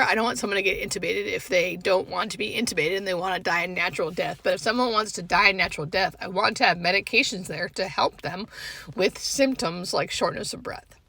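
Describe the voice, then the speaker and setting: A young adult woman, a hospice nurse, talking tearfully to the camera from her parked car, halting and fighting back tears. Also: fairly low pitch, sharp tone. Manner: halting, emotional, restarts with fillers. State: tearful, holding back crying. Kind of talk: emotional vlog, talking to camera.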